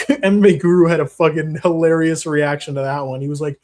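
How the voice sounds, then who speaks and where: A man's voice: on the high side, steady tone, brisk, darkish tone. A man hosting a casual livestream, answering chat in a profane, rambling, slangy way. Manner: profane, rambling, slangy, calls viewers bro. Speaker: MMA channel host reading live chat.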